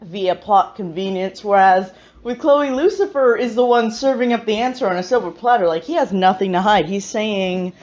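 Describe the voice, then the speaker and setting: A woman's voice: medium pitch, moderate pace, hardly any pauses, darkish tone. A woman giving casual, sarcastic reaction commentary and laughing often. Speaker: reaction video host. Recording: slightly muffled lo-fi recording.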